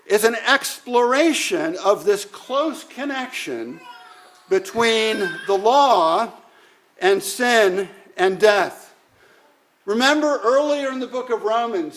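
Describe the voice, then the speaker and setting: A man delivering a sermon at an unhurried pace. His voice sits high for a man, and he talks in a measured way, dropping in frequent "uh" fillers as he works through his points. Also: a bit bright. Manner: measured, deliberate, with many "uh" fillers. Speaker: preacher.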